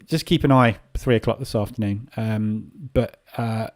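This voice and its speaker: A man's voice: fairly low pitch, steady tone, moderate pace, a little mellow. A man hosting a live trading session, talking casually and rambling with many filler sounds. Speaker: trading room host. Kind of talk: live market commentary.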